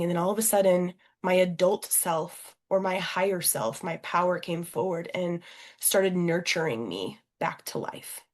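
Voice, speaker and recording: A young adult woman, a podcast guest and coach, telling a personal story in an animated, expressive way. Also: on the low side. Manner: animated and expressive, acting out quoted voices.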